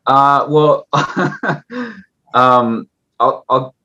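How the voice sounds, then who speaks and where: A man's voice: mid-range voice, sing-song, drawn-out words, sharp tone, highs cut off. A man talking as a guest on a casual investing podcast, rambling and restarting with many fillers.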